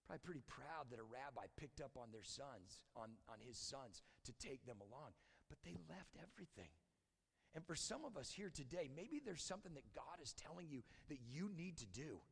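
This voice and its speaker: A man preaching a conversational sermon as a church pastor, often dropping to a hushed, intense tone. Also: medium pitch, very animated, normal speed, creaky, slightly rough, in a large hall. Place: church sanctuary.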